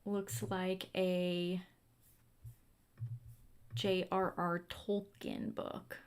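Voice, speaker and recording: A woman's voice: fairly low pitch, little pitch movement, drawn-out words, clear, resonant tone. A young woman hosting a livestream in a casual, chatty way, answering viewer comments as she goes. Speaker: livestream host. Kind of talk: casual chat.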